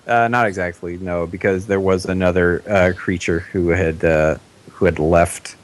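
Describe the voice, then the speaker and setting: Deep-voiced man running a tabletop game. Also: fairly even intonation. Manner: halting, filler-heavy explanations with laughs. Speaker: game master.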